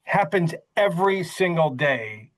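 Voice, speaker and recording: Animated middle-aged male podcast host. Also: a little high, unhurried, rough recording. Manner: animated storytelling, emphatic asides. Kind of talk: conversational interview.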